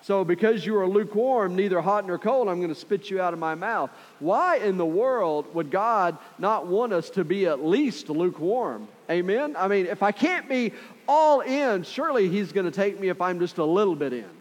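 Male pastor, conversational sermon, slightly high voice, church with long reverb. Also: lively intonation, moderate pace.

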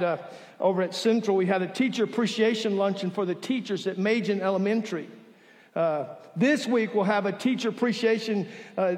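A man preaching a sermon as pastor in a church, with dramatic pauses and soft, drawn-out emphasis. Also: high voice. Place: church sanctuary. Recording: reverberant hall.

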